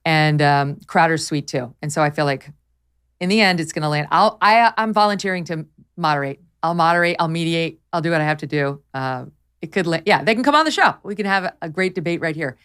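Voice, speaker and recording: Woman podcast host, low-pitched, emphatic and animated, opinionated casual chat on a studio mic. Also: smooth. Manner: emphatic, quick, animated with laughs.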